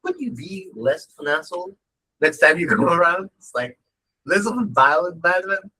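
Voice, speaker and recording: Timid students beg their teacher in a raised, husky voice, as a man puts them on. The pitch swings all over as they hedge and apologize. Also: sing-song, normal speed, pushed and bright, full character voice, poor audio. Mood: sheepish pleading. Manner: hesitant, apologetic, rambling. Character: exasperated group of timid students pleading.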